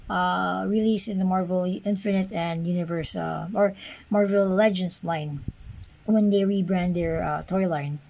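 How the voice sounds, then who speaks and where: A woman's voice: mid-range voice, vocal fry, dark tone, rough recording. A woman casually reviewing an action figure on camera, rambling with lots of fillers and dry sarcastic asides. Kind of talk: casual unscripted toy review.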